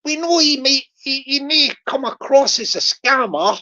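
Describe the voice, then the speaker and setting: Her high, expressive voice sounds pushed and bright, and she speaks at a measured pace over lo-fi audio. As a livestream host, she keeps things playful, cracking jokes, laughing a lot, repeating herself, and welcoming viewers by name.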